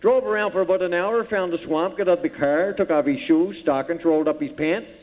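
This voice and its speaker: A man with a Cape Breton accent emcees a pageant on a large theater stage, reeling off folksy jokes at a rapid clip. His voice sits a little high. The recording is dull and washed in long hall reverb. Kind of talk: joke telling on stage.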